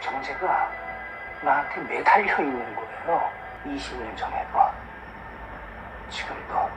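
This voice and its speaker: Actor as a cold, quietly menacing cop. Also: male voice, mid-range voice, animated, racing, loud music behind the voice, natural voice. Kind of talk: Korean TV drama acting.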